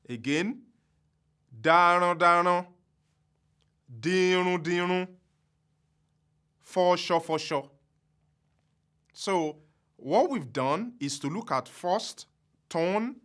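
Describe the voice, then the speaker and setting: Slow, deliberate male language teacher. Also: a bit bright. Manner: slow and deliberate, with careful pauses; chants tone syllables high and drawn out. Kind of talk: slow language lesson with spoken drills.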